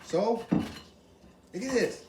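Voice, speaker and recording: A man hosting a casual cooking demonstration, animated and exclamatory as he talks straight to his viewers. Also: sits high, very slow. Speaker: cooking video host. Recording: roomy, from far off, faint ambient noise.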